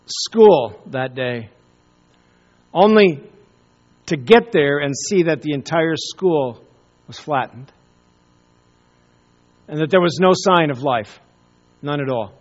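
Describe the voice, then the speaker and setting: A man preaching a sermon, telling a story with pauses and repeated words. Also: fairly high pitch, animated, highs cut off. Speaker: pastor.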